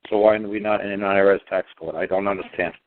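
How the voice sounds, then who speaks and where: Over the phone, a man on a talk show speaks at a quick pace with a voice on the low side and fairly even intonation. He hammers his arguments with repetitive, emphatic rhetorical questions.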